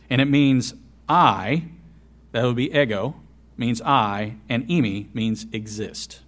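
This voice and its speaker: A man delivering a sermon in a medium-pitched voice. He drops to a near hush, then rises to loud emphasis. He repeats his key phrases for weight. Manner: dramatic swings between loud and soft, repeats key phrases. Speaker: preacher.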